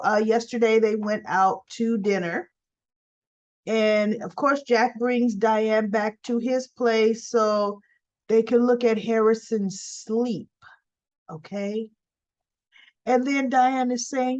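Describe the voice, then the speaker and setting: A woman's voice: on the high side, steady tone, slow pace, muffled recording. A woman recapping a soap opera in a chatty, folksy way, full of playful exclamations. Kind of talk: casual chat recap.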